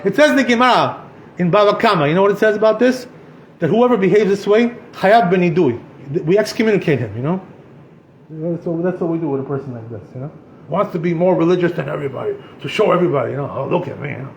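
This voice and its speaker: A man's voice: high voice, animated, quick pace, slight background noise. A man teaching an informal Torah class as a rabbi, chatty, peppering every sentence with "you know" and dropping in Hebrew terms. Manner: conversational, constantly says "you know", mixes in Hebrew terms. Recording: echoey room.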